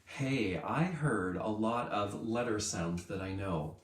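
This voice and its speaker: A male kindergarten teacher giving a lesson to young children in an upbeat way, stretching words out slowly so they can follow. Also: fairly low pitch, reverberant.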